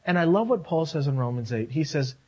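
A man preaching a sermon, animated, swinging between loud and quiet and acting out quoted voices. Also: a little high, brisk, slightly rough. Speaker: pastor.

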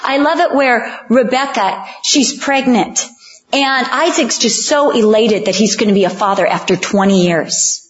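Slow, earnest woman preaching a sermon. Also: on the high side, dull audio. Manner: earnest, emphatic, slows down on key lines, acts out quoted voices.

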